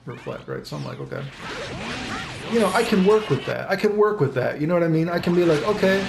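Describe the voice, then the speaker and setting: High-pitched, creaky, and fast-talking with big swings in pitch, this man rambles through casual commentary on a fighting game as he plays. He swears a lot and quotes his own thoughts, recorded in an echoey room with background music.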